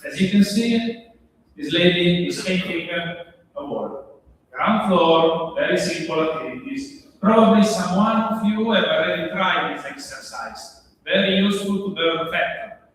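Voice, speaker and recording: A man from Italy with an Italian accent giving a conference talk, self-deprecating, with halting non-native phrasing. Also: high-pitched, a bit bright. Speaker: conference speaker. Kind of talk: conference presentation. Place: large conference hall. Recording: echoey hall from far off.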